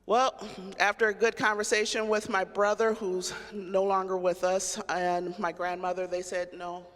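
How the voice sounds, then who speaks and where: A middle-aged woman, a county sheriff, giving a candid personal storytelling speech and acting out the voices she quotes. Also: fairly low pitch. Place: large cathedral. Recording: long hall reverb.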